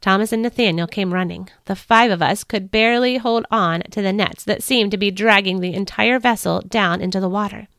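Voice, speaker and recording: A woman, host of a family devotional show, reading a children's Bible story aloud with expressive storytelling. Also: medium pitch, fairly quick, few pauses, clear, resonant tone, no echo, studio quality. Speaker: author and podcast host.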